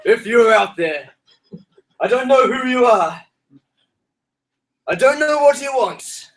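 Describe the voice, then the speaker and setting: A man's voice: very high-pitched, animated, takes it slowly, fairly bright tone, exaggerated voice, low-quality recording. A man doing a stammering, menacing vengeful father. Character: grim father threatening his daughter's kidnapper. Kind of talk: comedy sketch impression.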